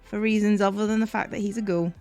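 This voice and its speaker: A woman's voice: medium pitch, steady tone, fast talker, a little mellow. A woman co-hosting a live stream, chatting in an easygoing way and laughing as she talks. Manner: easygoing, laughs while talking. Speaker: streamer co-host. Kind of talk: casual chat on a live stream. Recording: faint music behind.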